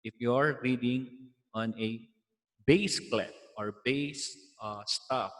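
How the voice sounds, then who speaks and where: A man's voice: medium pitch, slow pace, big-room sound. A man with a Filipino accent teaching an online music lesson, explaining patiently and slipping in Tagalog asides.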